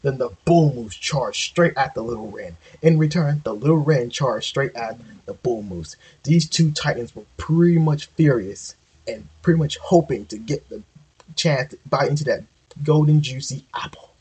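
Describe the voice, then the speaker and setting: Guy reading a kids story out loud, stumbles and fixes words a lot, raspy voice. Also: medium pitch, moderate pace, rough recording. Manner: stumbling, often correcting himself mid-line. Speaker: amateur reader.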